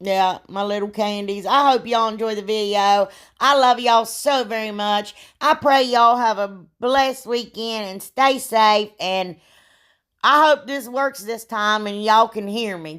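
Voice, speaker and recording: A woman, hosting a casual craft tutorial, chatty and rambling, with a sore throat that makes her clear it often. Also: fairly high pitch, unhurried, a bit bright. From Ohio, United States. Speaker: DIY crafts channel host.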